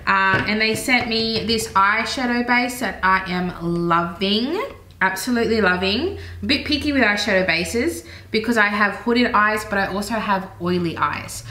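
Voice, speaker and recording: A bright, crisp-toned Australian woman talks through her beauty haul in an eager, chatty way, drifting into asides as she goes. The sound is roomy, with a clear echo off the walls. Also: mid-range voice. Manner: chatty, enthusiastic, rambling asides. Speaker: beauty vlogger. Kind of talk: casual product haul chat. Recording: roomy echoey room.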